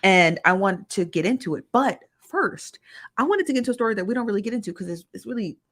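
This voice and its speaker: A woman's voice: medium pitch, expressive, fast talker, fairly bright tone. A woman hosting a casual livestream, chatty and slangy, greeting viewers by name. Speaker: livestream host.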